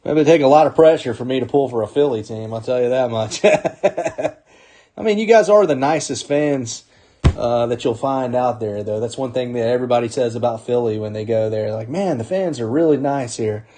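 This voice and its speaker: A man's voice: medium pitch, warm tone. A man hosting a sports card break, calling out each card as he opens packs in an upbeat, chatty way, often chuckling. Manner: upbeat, calls out names in quick bursts, chuckles often. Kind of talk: live card-opening commentary.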